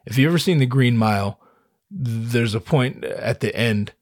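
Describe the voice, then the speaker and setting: A man's voice: mid-range voice, expressive, normal speed, dry recording, studio quality. A man in his thirties talking in a casual solo monologue, rambling and swearing, with frequent stammered restarts.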